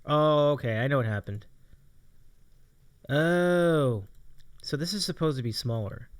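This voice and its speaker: Chatty guy hosting a stream, kinda high and bright, bounces around a lot. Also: lively intonation, a little slow, clear, resonant tone, no echo, studio quality. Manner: chatty, laughs often. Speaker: host. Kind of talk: casual live-stream chat.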